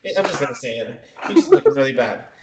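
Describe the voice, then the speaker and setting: A man's voice: medium pitch, wildly swooping pitch, brisk, darkish tone. A man hosting a casual podcast, joking and rambling with plenty of fillers. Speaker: podcast host.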